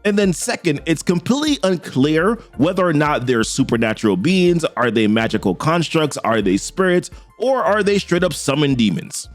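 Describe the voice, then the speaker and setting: A man's voice: on the high side, normal speed, few pauses, faint music behind. A man giving a chatty, casual recap of a comic book issue. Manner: chatty, animated.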